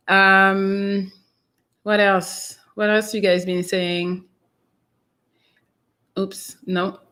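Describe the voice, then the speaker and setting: A French woman hosts a casual live stream, chatting and reading viewer comments aloud in a meandering way, trailing off with fillers. Her voice is medium in pitch and fairly bright.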